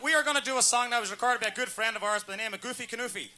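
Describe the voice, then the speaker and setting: A man doing jokey, deadpan stage banter live in a pub. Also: very high-pitched, very fast, slight background noise. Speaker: pub band performer telling jokes.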